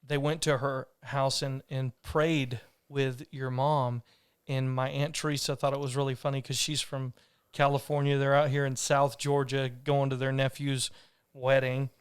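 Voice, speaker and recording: Man telling a story, smooth and even. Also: mid-range voice, moderate pace, no room sound, clean studio sound. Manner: earnest, rambling with restarts and fillers. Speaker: podcast host. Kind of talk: casual conversational storytelling.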